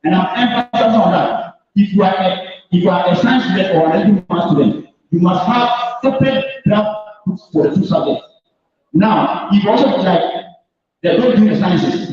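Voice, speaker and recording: A man's voice: high-pitched, normal speed, darkish tone. Man, maths teacher, from Ghana, emphatic, repetitive, dull distant recording. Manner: emphatic, repetitive, addresses students directly. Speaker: mathematics teacher. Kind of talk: orientation talk to new students. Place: large hall. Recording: echoey hall, distant mic, dull sound.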